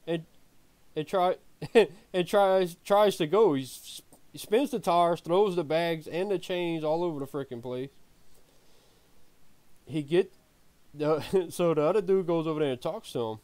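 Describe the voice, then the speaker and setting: A man's voice: on the high side, animated, moderate pace, long pauses, a little mellow, dry recording. Laughing man telling a story. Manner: laughs often, swears freely. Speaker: streamer. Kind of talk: casual storytelling.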